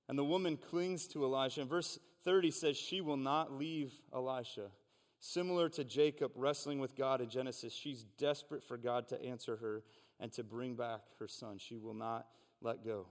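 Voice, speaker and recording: A man's voice: medium pitch, moderate pace, in a large hall. A man preaching a sermon, reading scripture aloud and explaining it in an earnest, conversational way. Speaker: pastor. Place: church sanctuary.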